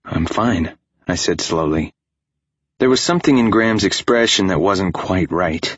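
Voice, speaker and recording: Low, husky male audiobook narrator. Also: animated, moderate pace, dry recording, highs cut off. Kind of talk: first-person audiobook narration.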